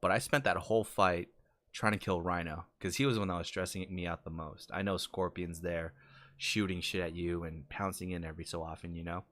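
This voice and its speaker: Deep-voiced casual podcast guy. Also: brisk. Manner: animated storytelling, acts out quotes with big jumps in pitch. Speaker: podcast co-host. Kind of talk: casual chat.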